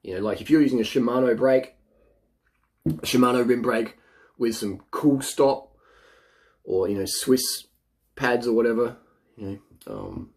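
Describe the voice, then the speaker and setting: A man's voice: mid-range voice, sing-song, unhurried, creaky, long pauses, darkish tone. A middle-aged man giving blunt, boastful cycling advice in casual talk, sometimes mocking others in a silly voice. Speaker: cycling vlogger.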